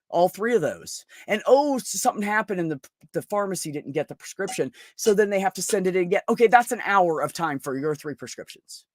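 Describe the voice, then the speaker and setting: A man's voice: fairly high pitch, animated, fast, no room sound, clean studio sound. A middle-aged man hosting a podcast, venting bluntly in casual chat with heavy swearing. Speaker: podcast host.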